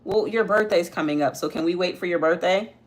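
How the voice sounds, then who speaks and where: This young livestream host speaks a little fast in a lowish voice. She chats with viewers while doing makeup and also talks with her child.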